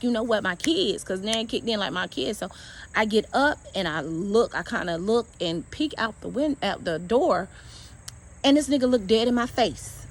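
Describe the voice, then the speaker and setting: A woman's voice: a little high, a little hiss or hum. A woman bluntly retelling a personal story in casual, profane talk, acting out the dialogue.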